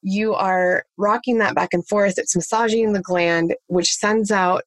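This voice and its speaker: A woman's voice: medium pitch, steady tone, a little slow, no echo. A woman working as a parenting coach, giving practical tips in an interview and walking through examples step by step. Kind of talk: conversational interview answers.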